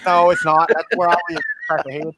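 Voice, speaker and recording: A man's voice: fairly high pitch, little pitch movement, normal speed, background noise. A man from Florida with a Southern accent, co-hosting a livestream in casual, teasing, rambling chat. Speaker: co-host of a livestream.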